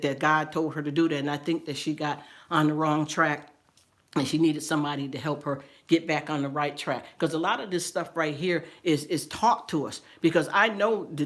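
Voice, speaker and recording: A middle-aged livestream host talking casually and earnestly with viewers, stumbling over repeated words and calling people "honey". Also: mid-range voice. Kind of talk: casual livestream chat with viewer shout-outs.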